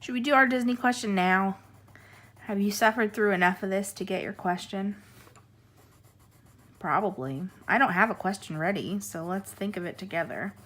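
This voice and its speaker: Young female coloring host, casual and tangent-prone, slightly hoarse, talking to a camera on a monopod. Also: medium pitch, normal speed, fairly bright tone. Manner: rambling, chatty, easily sidetracked. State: losing her voice. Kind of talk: casual chat while coloring.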